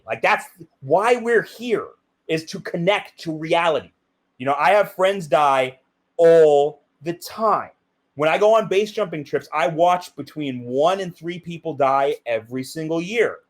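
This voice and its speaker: A middle-aged man talks in an interview in a slightly raised voice. He speaks with intensity and emphasis, slowing and dropping his voice to press key points, and keeps checking in with "right?" and "like". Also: on the high side. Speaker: interview guest, BASE jumper. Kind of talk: reflective interview talk.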